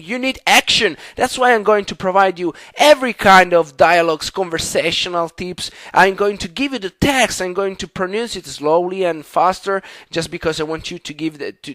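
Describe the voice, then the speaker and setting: A man's voice: high voice, a bit bright, dry recording. A man with an Italian accent, native Italian, teaching Italian in an online lesson with enthusiasm and many fillers and restarts.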